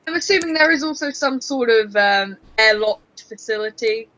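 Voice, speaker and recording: A woman's voice: fairly high pitch, expressive, normal speed, sharp tone, dry recording, poor audio. A woman playing a tabletop game, thinking aloud casually. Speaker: player.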